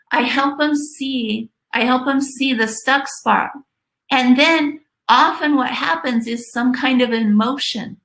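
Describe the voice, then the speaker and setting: A woman coaching through a motivational webinar, her voice bright and a little high. She talks slowly and earnestly and repeats her key lines for weight. The sound has an echoey room around it. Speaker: life coach presenting a webinar.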